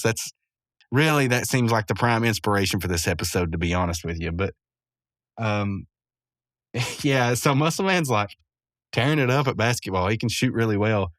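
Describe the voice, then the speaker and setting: A man's voice: mid-range voice, fairly bright tone, dry recording, clean studio sound. Rambling man recapping an episode. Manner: rambling, chuckles often, self-correcting. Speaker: podcast host.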